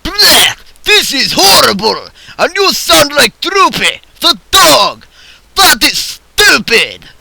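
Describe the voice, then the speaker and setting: A man's voice: high-pitched, very animated, slow, creaky, pushed and bright, no echo, heavily acted, low-quality recording. A man voicing a furious male Russian celebrity chef who screams insults at his students.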